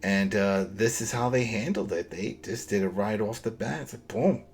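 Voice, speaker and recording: A man's voice: on the low side, normal speed, vocal fry, a little hiss or hum. A man co-hosting a podcast, recapping a TV episode in casual chat, rambling and acting out the characters' lines. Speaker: podcast co-host.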